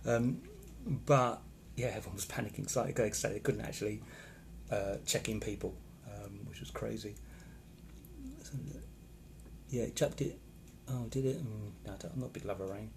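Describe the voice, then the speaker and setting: Chatty man with gravelly voice. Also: fairly low pitch, normal speed, slight background noise. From England. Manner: rambling, chatty, reacting to comments. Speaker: vlogger reading live comments. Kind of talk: casual live-stream chat. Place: hotel room.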